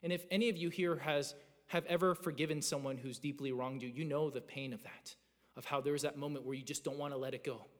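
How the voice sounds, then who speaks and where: A man in his thirties preaching a sermon as a pastor, earnest and animated, often restarting his phrases. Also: fairly high pitch, a little fast. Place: church sanctuary. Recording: long reverb of a church hall.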